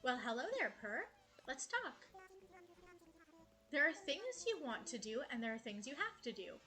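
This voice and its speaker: A woman reading as a gentle cat villager. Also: sits high, sing-song, moderate pace, exaggerated voice. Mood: musing. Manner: reading game dialogue aloud lightly. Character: sweet, chatty female cat villager.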